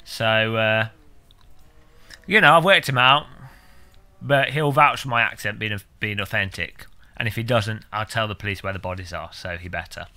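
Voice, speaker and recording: A British man chatting casually with viewers on a game stream, rambling and cracking deadpan, absurd jokes. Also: on the low side, moderate pace. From United Kingdom. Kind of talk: casual live-stream chat.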